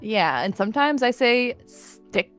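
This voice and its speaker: A woman's voice: a little high, animated, measured pace, a bit bright, soft background music. Giggly woman with a slight lisp. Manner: giggly, self-mocking, stumbles over words. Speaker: streamer reading fan fiction aloud. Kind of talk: casual stream chat with read-aloud narration.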